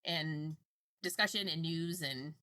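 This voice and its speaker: A woman's voice: low voice, takes it slowly, bright, forceful tone, no echo. A woman chatting as a podcast guest, laid-back and self-deprecating. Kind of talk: casual podcast chat.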